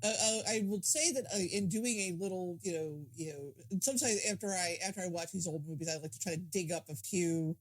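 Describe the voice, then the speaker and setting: A woman's voice: on the low side, fairly quick, hardly any pauses. A woman co-hosting a podcast, chatting casually about a film, hesitant with many restarts but frank. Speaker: podcast co-host.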